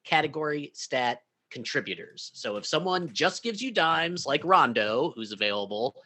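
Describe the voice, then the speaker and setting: Male podcast co-host, mid pitch, bright tone, relaxed and opinionated, casual delivery. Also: normal speed. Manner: relaxed and opinionated, drops to a quieter aside voice. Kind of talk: casual fantasy sports chat.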